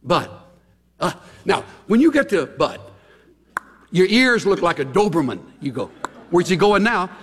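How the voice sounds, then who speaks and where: A middle-aged man preaching a chatty, conversational sermon with animated, folksy asides. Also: high voice, measured pace, pauses often, husky. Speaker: pastor. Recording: long hall reverb.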